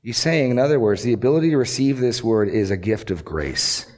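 A man's voice: mid-range voice, animated, brisk, a little mellow. A male pastor preaching an earnest sermon, asking rhetorical questions and repeating key lines for emphasis.

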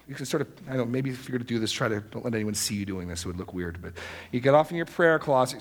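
A man preaching an earnest sermon, rising to loud, emphatic exclamations. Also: medium pitch, lively intonation, fast. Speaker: pastor.

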